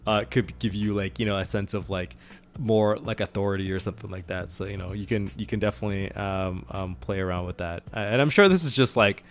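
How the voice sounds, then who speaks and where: A man's voice: fairly low pitch, brisk. Giggly, chatty man on a podcast. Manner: chatty, laughs often, many fillers. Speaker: podcast co-host and game master. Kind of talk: casual podcast chat.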